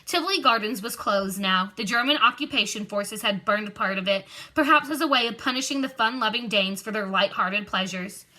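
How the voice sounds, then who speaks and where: A woman's voice: mid-range voice, moderate pace, hardly any pauses, sharp tone. A woman reading a children's novel aloud expressively, with occasional slips and restarts. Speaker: reader.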